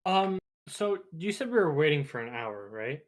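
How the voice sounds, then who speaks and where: A tipsy man at a tabletop game, rambling and loose, swearing when he slips. His voice sits a little high and swings widely. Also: sing-song, moderate pace. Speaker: player.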